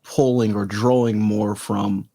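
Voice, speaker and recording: Guy hosting a podcast, kinda low voice, stumbles and repeats himself when he asks stuff. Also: little pitch movement, warm tone. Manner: halting, repeats words, asks questions. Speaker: podcast host. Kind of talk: casual interview.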